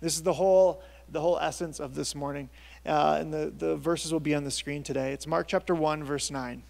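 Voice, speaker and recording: A man in his thirties preaches to his congregation in a light, somewhat high tenor with a gravelly edge. His delivery is casual and conversational, full of restarts as he works through his points. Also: steady tone, brisk, a little mellow. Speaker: pastor. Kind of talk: sermon. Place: church service.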